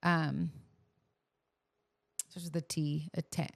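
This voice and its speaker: A woman's voice: deep voice, flat delivery, slow, gravelly. A young adult woman co-hosting a podcast, chatting in a bubbly, talkative way. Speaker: podcast co-host. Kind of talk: casual chat.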